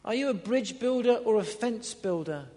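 A man preaching a sermon in a church hall, earnest, swinging between loud emphatic lines and quiet low ones. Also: animated, moderate pace. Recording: long hall reverb.

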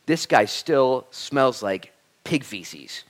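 A male pastor preaching a sermon in church, animated and frank, acting out quoted speech with humor. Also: medium pitch, extremely slow. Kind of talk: sermon with storytelling.

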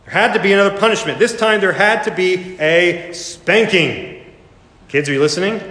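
A man preaching a sermon, telling a story with dramatic swells and slipping into character voices. His voice sits a little high for a man. It rings out through a large, echoing hall with a long reverb tail. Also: lively intonation, brisk. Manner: dramatic storytelling, voicing characters with sudden loud rises. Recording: echoey hall, reverberant room.

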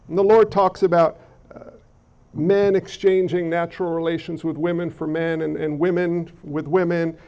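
A pastor preaches in a high, gravelly voice with a slight allergy congestion. His sermon stays conversational as he poses questions to the congregation. The audio is lo-fi and dull.

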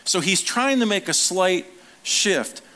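A man's voice: sits high, lively intonation, takes it slowly, bright, forceful tone. A man preaching a sermon as a pastor, talking casually with the congregation, asking them questions and briefly acting out the voices of the people he quotes.

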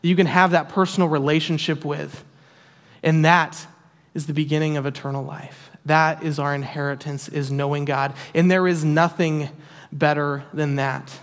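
A man's voice: a little high, level tone, moderate pace. A man preaching a sermon in an earnest, emphatic way, repeating key phrases for weight. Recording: long hall reverb.

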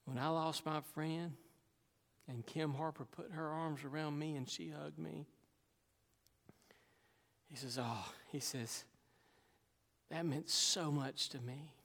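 A man's voice: a little high, steady tone, slow, vocal fry, pauses often, a bit bright. Male pastor, emphatic sermon voice with folksy asides, long church reverb. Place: church sanctuary.

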